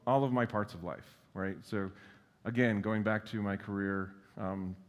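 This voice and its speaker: A man giving a conference keynote in a casual, self-deprecating way, with lots of fillers and blunt swearing. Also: lowish voice. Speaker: keynote speaker. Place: large conference hall. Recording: long reverb of a large hall.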